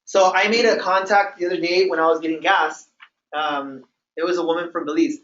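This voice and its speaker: A man's voice: high-pitched, fairly even intonation, fairly quick, fairly bright tone. Male trainer, emphatic and repetitive group coaching; distant mic, dull room recording. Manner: repetitive, emphatic coaching with frequent "okay?" check-ins. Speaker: business trainer. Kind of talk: motivational training talk to a group. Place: meeting room with a live audience. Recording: roomy, distant, dull sound.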